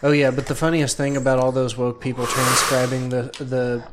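A man hosting a podcast, chatting casually and crudely, often bursting into loud laughter. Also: mid-range voice, little pitch movement, brisk, background noise. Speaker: podcast host.

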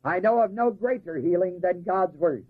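A man preaching a sermon. He reads scripture, asks the congregation to fill in the missing words, and slows down to stress key phrases. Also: high voice, expressive, slightly rough. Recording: tinny lo-fi recording.

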